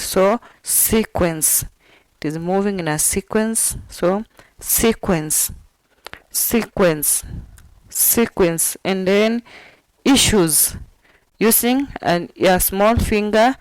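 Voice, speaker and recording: A woman gives a patient sign language lesson, saying each term again and again in a slow, deliberate way. Her voice sits at an ordinary middle pitch. The sound is dry and close, with no room echo. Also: clean tone. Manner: repeats each word several times, patient and deliberate. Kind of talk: slow instructional explanation.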